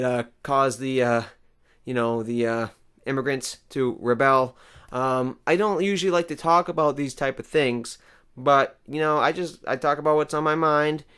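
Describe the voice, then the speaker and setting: A man's voice: medium pitch, fairly bright tone, smooth. A man hosting a comedy show, delivering a rambling, self-important monologue full of absurd boasts and asides. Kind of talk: deadpan comic monologue.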